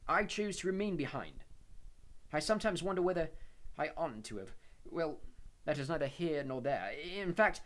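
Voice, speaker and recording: A man voicing a melancholy old male ghost who speaks quietly and formally in an audiobook reading. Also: fairly high pitch, animated, moderate pace, voice pushed up, lightly acted. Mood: gentle. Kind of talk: audiobook character voice.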